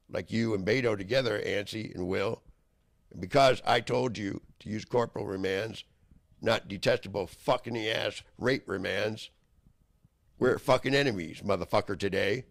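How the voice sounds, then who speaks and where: A man delivering a heated, rambling monologue, profane and swinging into loud outbursts. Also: fairly low pitch, moderate pace, creaky. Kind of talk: angry ranting monologue.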